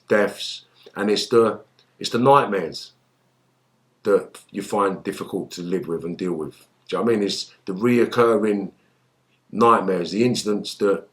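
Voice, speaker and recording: A middle-aged man, a guest in an interview, telling rough stories with heavy swearing and acting out quotes loudly. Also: lowish voice. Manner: animated, swears heavily, acts out quotes in a raised voice. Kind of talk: storytelling in an interview.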